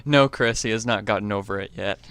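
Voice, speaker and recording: A man's voice: on the low side, fairly quick, a bit bright. A young man co-hosting a live stream, teasing his partner and reading out chat messages. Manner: teasing, reads chat aloud. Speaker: stream co-host. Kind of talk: casual live-stream banter.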